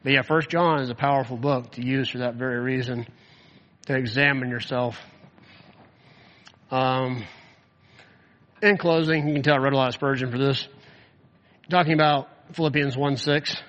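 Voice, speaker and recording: A man's voice: mid-range voice, fairly even intonation, moderate pace, long pauses, a bit bright. A man giving a conversational Bible lesson to a group, telling stories casually with lots of "like" fillers. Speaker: Bible teacher. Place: hall or classroom with an audience. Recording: dull audio, long room reverb.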